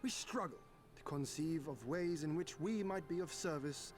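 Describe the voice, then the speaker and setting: An actor playing a poised young warrior prince in a game, speaking formally with dry irony. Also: male voice, on the high side, moderate pace, lightly acted. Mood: wry. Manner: formal, gracious, dryly ironic. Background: game music.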